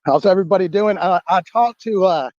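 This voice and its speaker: A man with a Southern US drawl chats easily as a podcast co-host, with a voice pitched a little high. The sound is dry and somewhat dull and lo-fi, like call audio. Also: brisk, a little mellow, no room sound. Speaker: podcast co-host running puzzles. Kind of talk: casual chat.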